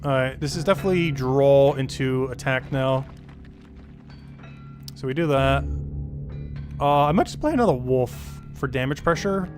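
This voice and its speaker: A man streaming a card game, thinking aloud about his moves and slowly reading out game text with many fillers. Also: medium pitch, expressive, a little mellow, soft background music. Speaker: gaming streamer. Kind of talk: casual live-stream commentary.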